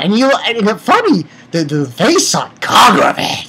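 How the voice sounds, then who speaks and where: A man giving a casual, excitable manga chapter review, retelling scenes and breaking into profane rants. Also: a little high, normal speed, slight background noise, rough recording.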